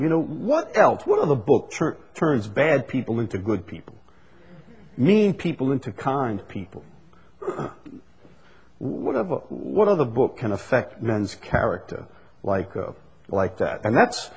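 Husky preacher man. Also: mid-range voice, a little mellow. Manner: repetitive, emphatic preaching with rising bursts. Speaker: pastor. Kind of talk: sermon. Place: church sanctuary. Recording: long hall reverb.

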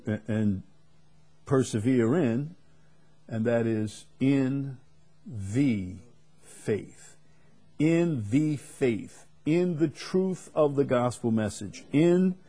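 A middle-aged man delivers a sermon at an unhurried pace. His voice is mellow and slightly husky, and he leans hard on repeated words with rising emphasis. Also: medium pitch. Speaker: preacher.

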